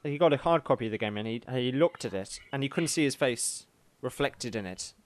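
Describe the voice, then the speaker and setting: A man co-hosting a podcast in casual chat, with dry deadpan jokes. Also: medium pitch, fairly quick. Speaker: podcast co-host.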